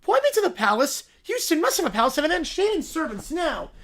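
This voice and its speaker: A man's voice: very high-pitched, big pitch swings, brisk, a bit bright, voice pushed up, full character voice. A man voicing a spoiled, tiny, furry royal creature who whines and demands everything. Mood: demanding. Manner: whining, petulant, demanding. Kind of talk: read-aloud donation story.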